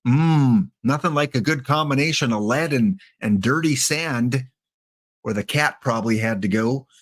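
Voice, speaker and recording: A middle-aged man with a Canadian accent chats with his live viewers in a loose, joking way. His voice sits at an ordinary pitch. He drifts between asides and the next slide. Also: normal speed, fairly bright tone. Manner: joking, chatty, answers chat. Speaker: livestream host. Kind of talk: casual livestream chat.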